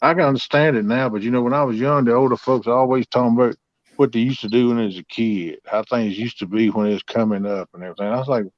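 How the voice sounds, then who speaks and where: A man's voice: mid-range voice, fast, no room sound. Folksy man in his fifties. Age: 50s. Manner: folksy, drawling, heartfelt. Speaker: host. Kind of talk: casual storytelling chat. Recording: dull lo-fi sound, dry.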